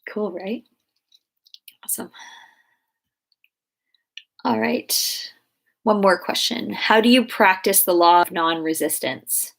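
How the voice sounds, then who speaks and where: A woman's voice: mid-range voice, slow pace, vocal fry, pauses often, a bit bright. Chatty woman coaching a Q&A. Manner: chatty, many fillers and restarts. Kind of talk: casual Q&A coaching talk.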